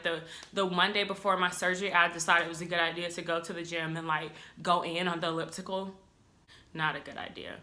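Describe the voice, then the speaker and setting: Brief: young woman, casual vlogger, bright tone, lively storyteller who acts out what people said. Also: medium pitch. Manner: chatty, animated retelling with acted-out quotes.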